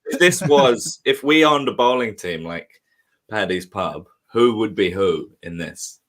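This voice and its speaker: A comedian chatting casually on a stream, rambling with lots of fillers. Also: male voice, lowish voice, lively intonation, a little slow, a bit bright. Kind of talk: casual chat.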